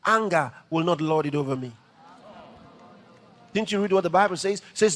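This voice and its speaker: A man preaching a dramatic, animated sermon. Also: on the high side, moderate pace, pauses often.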